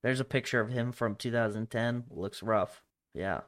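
A man's voice: medium pitch, fairly even intonation, moderate pace. Laughing, swearing podcast guy. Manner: profane, laughing, rambling. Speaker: podcast co-host. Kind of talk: casual chat.

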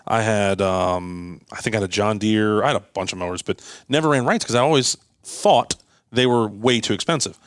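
Animated storytelling man, dry sound. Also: on the low side, normal speed, smooth, no echo. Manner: animated, acts out quoted dialogue, frequent restarts. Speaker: guest, landscaping business owner. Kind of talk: casual storytelling on a podcast.

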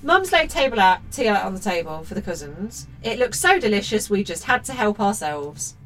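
A woman's voice: mid-range voice, sing-song, normal speed, fairly bright tone. A woman co-hosting a podcast, reading a picture book aloud and breaking off for sweary, mock-outraged commentary. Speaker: podcast co-host.

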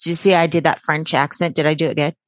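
A woman's voice: deep voice, little pitch movement, fast talker. A woman hosting a podcast in casual chat, brash and jokey, swearing freely with sarcastic asides. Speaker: podcast host.

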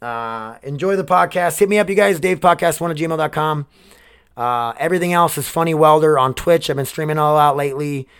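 Young man, solo podcast host, rambling, swearing, worn down, slightly high voice. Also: fairly quick, fairly bright tone, smooth. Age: 20s. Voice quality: rambling, swearing, restarts sentences. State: emotionally worn down. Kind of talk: casual solo podcast rant.

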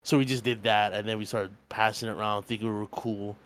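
A man's voice: lowish voice, fast talker. Young man swearing through a story. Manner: swearing, storytelling, animated quoting. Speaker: podcast co-host. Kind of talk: casual chat.

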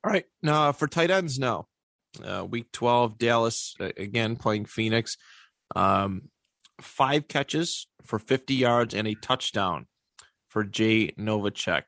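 A man's voice: fairly low pitch, a bit bright, dry recording. Man hosting a sports podcast, dry sound. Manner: reads out sports stats with pauses and fillers. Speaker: podcast host. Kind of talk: casual podcast chat.

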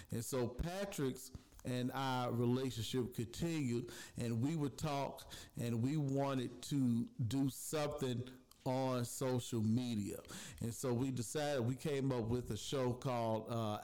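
Man, podcast host, casual storytelling, chatty, mid-pitched voice, quoted asides. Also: a little mellow.

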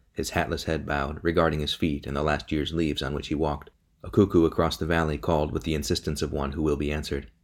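A man narrates a novel in a measured, steady audiobook reading. His voice is quite deep.

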